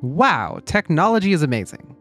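A man's voice: a little high, big pitch swings, moderate pace, fairly bright tone, soft background music. A man voicing an eager, gullible male sparrow assistant in a video game playthrough. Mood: earnest.

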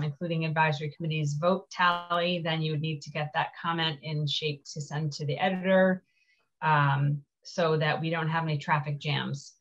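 Woman, meeting chair, very low voice, tired plain talk, muffled lo-fi sound. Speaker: committee chair. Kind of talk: meeting discussion. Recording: dull lo-fi meeting audio.

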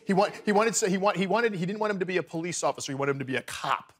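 A man in his fifties, a talk show guest, chatting in an animated way with stammers and quick laughs. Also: high voice. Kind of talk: casual chat. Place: TV studio.

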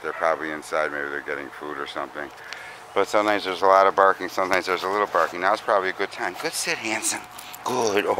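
A man working as a dog trainer, giving short commands and calm monotone praise while explaining his training outdoors. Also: deep voice. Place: outdoors with barking dogs nearby. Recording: noisy outdoor recording. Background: dogs barking.

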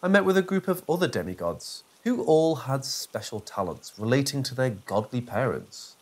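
Man doing a nasal pompous villain, smug monologuing, lively ups and downs, husky tone. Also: mid-range voice, normal speed. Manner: pompous, self-satisfied monologuing.

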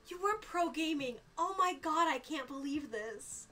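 Brief: young female streamer, very high, bright voice, excitable live commentary. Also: a little slow, few pauses. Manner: excitable, gushing, squeals of delight.

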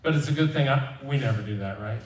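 A man preaching a conversational sermon as pastor, animated and acting out the people he quotes. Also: medium pitch, fast, a little hiss or hum. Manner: animated, acts out quoted voices. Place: church sanctuary. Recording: echoey church hall from far off.

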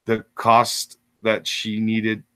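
A North American man hosting a loose livestream chat in a low voice. He rambles, fills pauses with uh and um, and laughs often. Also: monotone, pushed and bright. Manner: rambling, laughing, many fillers. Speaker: host of a morning stream show. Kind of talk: casual banter on a livestream.

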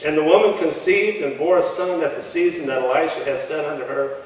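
A man with a fairly high voice preaches from the pulpit, leading his congregation to answer him aloud. His voice rings through a church sanctuary with a long, heavy echo. He sounds distant from the microphone. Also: brisk. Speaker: pastor. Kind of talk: sermon with scripture reading. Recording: echoey church hall from far off.

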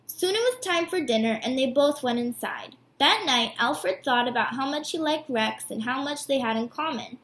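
A woman teacher reads a children's picture book aloud to her students in a warm, animated way. Her voice is high and swings widely. The recording has a noticeable room echo. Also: normal speed, hardly any pauses. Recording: echoey room.

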